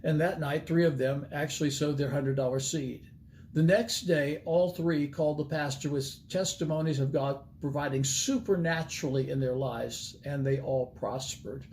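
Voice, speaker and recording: A man's voice: fairly high pitch, fairly even intonation, moderate pace, a little mellow, slight background noise. An older man, an evangelist, telling a folksy story in a sermon and acting out the dialogue with animation.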